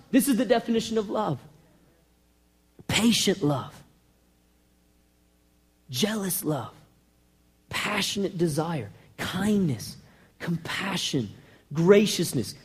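Very high-voiced, animated male preacher. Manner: passionate, rhetorical, swings between loud bursts and hushed lines. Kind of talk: sermon.

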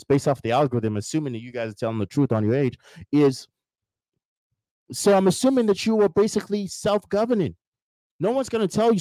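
A man's voice: on the high side, dark tone, no room sound. A man hosting a live motivational talk, repeating points emphatically and speaking straight to his viewers. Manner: emphatic, repetitive, addresses viewers directly. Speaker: host.

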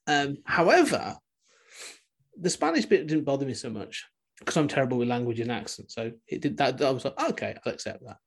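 A male podcast host talks in a loose, casual chat. His voice is husky, and his sentences ramble and restart with the odd chuckle. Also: on the high side. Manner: rambling, self-interrupting, chuckling.

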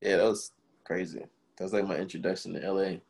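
Low-voiced man telling a wild story. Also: fast talker, gravelly, husky. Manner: animated, swearing, acts out quotes. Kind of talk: casual chat, telling a story.

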